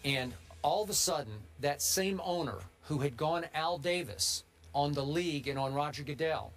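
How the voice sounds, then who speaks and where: An argumentative male host on a sports debate show, pressing his case one point after another. His voice sits a little higher than most men's. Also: moderate pace, a bit bright, faint music behind. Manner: argumentative, builds cases point by point.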